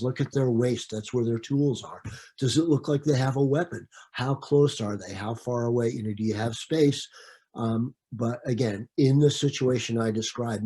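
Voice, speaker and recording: A man's voice: medium pitch, mellow, slightly rough. A man leading an online training session, talking conversationally and answering participants' comments by name, with frequent fillers and restarts.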